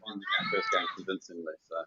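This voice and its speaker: A man telling a casual anecdote in a relaxed, easygoing way. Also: on the low side, quick pace, dull audio, a crowd in the background. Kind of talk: casual chat.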